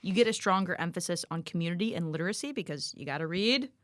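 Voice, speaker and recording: A woman's voice: fairly low pitch, lively intonation, fast, fairly bright tone, dry recording, studio quality. A woman co-hosting a history review podcast, explaining with a playful, chatty manner. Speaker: teacher and podcast co-host. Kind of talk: casual history review chat.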